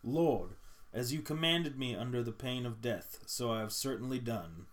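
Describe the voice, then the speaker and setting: A man's voice: medium pitch, normal speed, close to an everyday voice. A man voicing an anguished governor who is forced to obey a cruel royal order, speaking in a grave, lamenting way in a dramatized story reading. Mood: solemn.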